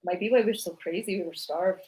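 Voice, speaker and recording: A woman's voice: lowish voice, fairly quick, a little mellow. A woman hosting a livestream in casual chat, rambling and joking as she jumps from topic to topic. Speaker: livestream host.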